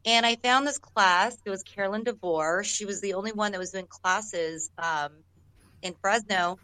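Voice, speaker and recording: This is a chatty woman guest on an interview show who tells long stories about her acting start. She rambles, circles back on herself and laughs easily. Her voice sits at an ordinary pitch for a woman and sounds close and dry, with no room echo. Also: normal speed, sharp tone, clean tone. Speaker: actress guest. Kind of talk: casual storytelling in an interview.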